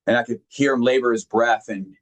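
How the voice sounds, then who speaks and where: A man giving a heartfelt motivational talk, sharing personal stories earnestly and emphatically, often halting and repeating words when moved. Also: medium pitch. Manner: emphatic, directly addresses listeners. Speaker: motivational speaker.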